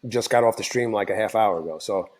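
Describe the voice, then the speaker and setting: A man with a tired, hoarse voice, casually recapping his day's trades for his channel, rambling and correcting himself as he goes. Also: lowish voice, quick pace, a little mellow. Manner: rambling, self-correcting, many fillers. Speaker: trading channel host. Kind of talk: casual screen-share recap.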